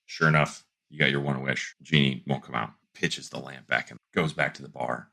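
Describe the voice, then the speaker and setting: A man co-hosting a casual podcast, telling a long joke and slipping into quick voices for its characters. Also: extremely low pitch, gravelly. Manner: animated storyteller doing quick character voices. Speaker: podcast co-host.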